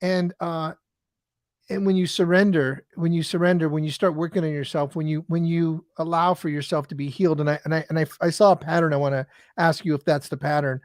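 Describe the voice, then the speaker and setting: Male podcast host, high voice, rambly casual talk, dry close sound. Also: fairly even intonation, fairly quick, dry recording. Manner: rambling, many fillers and restarts. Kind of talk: casual conversation.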